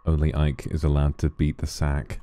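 A man's voice: very deep voice, normal speed. A man streaming a horror game, talking casually, swearing freely and yelping at jump scares. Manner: excitable, swearing, yelps at scares. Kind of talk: casual gameplay commentary.

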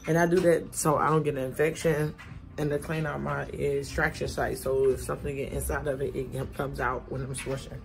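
A woman's voice: rumbling low, level tone, moderate pace, vocal fry. A woman in her forties chatting casually to her viewers at home and in the car. She rambles, talks straight to camera, and cannot open her mouth fully after tooth extractions. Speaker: vlogger and mother. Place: at home, later in a parked car.

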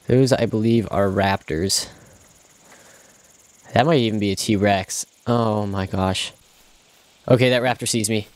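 A man's voice: on the low side, darkish tone, dry recording. Chatty young man narrating his gameplay. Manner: chatty, talks to himself, jokey and self-mocking. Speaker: gameplay commentator. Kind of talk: casual let's-play commentary.

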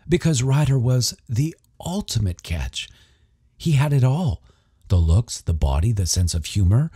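Low husky male audiobook narrator. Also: warm tone, no echo, studio quality. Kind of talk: scripted narration.

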